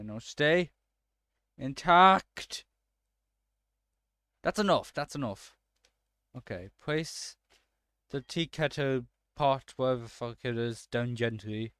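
A man's voice: medium pitch, a bit bright, clear, resonant tone, no echo, clean studio sound. A man doing let's-play commentary, swearing and breaking into frustrated outbursts at the game.

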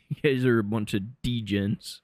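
A man streaming a survival game, giving casual commentary with sarcastic deadpan jokes and laughing at his own lines. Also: on the low side, no echo.

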